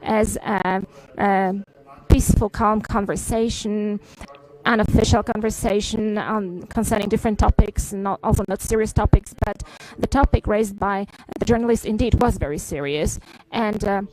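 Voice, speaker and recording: A woman renders a head of state's statement for the press as she goes. Her delivery is halting, full of filler sounds and restarts as she searches for words. The tone stays formal and measured throughout. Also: mid-range voice, fairly even intonation, darkish tone, rough recording. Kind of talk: live interpretation of a press briefing.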